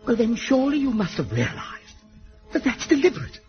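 Gushing theatrical director. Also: male voice, very high voice, wildly swooping pitch, a little fast, soft background music, heavily acted. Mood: enthusing. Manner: gushing, affected, fussy. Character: effusive theatrical amateur stage director. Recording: dull lo-fi broadcast audio.

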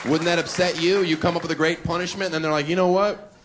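A man's voice: on the high side, fairly even intonation, fast talker. A man performing a stand-up comedy set on a club stage, brash and provocative, mocking his audience. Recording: live club with crowd laughter and noise.

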